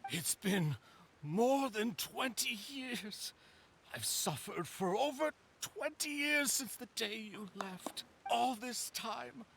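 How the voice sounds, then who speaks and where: A desperate grieving lover in a fantasy game, his high voice swinging widely as he pleads and yearns. He sounds shaken and emotional. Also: a bit bright, a little hiss or hum, exaggerated voice. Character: desperate grieving man chasing his lost love.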